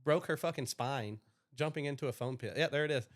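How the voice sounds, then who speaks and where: A man's voice: medium pitch, a little fast. A man co-hosting a comedy podcast, telling crude stories and laughing at his own jokes. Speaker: podcast co-host. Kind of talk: crude casual banter.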